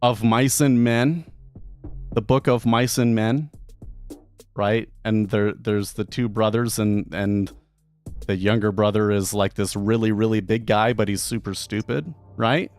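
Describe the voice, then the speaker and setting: A man's voice: fairly low pitch, steady tone, unhurried, darkish tone, soft background music. A man talking casually on a live trading stream, rambling with frequent restarts and fillers.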